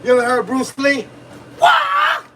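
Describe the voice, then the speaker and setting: High-voiced boxing coach preaching to viewers. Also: male voice, brisk, recorded from a distance, heavy background noise. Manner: preachy, repetitive, talks to viewers, grunts while punching a bag. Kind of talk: livestream coaching talk.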